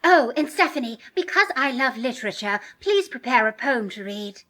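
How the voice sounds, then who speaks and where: A woman's voice: a little high, expressive, moderate pace, pushed and bright. A woman voicing a formal, gloomy teenage goth girl who speaks with prim, formal diction in a comedy sketch.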